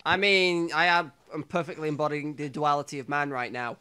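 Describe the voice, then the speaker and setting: A man's voice: on the high side, steady tone, fairly quick, bright, forceful tone, clear, resonant tone. A man co-hosting a podcast in casual chat, rambling and restarting his sentences, swearing casually. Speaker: podcast co-host.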